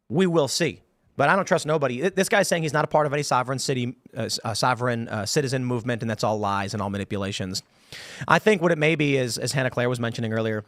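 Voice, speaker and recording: A man's voice: medium pitch, a bit bright, no room sound, studio quality. A man hosting a political talk show, ranting with heated indignation. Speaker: podcast host.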